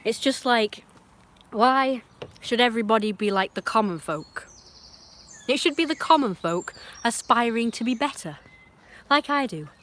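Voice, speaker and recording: A woman's voice: fairly high pitch, lively intonation, measured pace, long pauses, a bit bright. A woman from northern England with a northern English accent, giving an opinionated, emphatic monologue on a livestream. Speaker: livestream host.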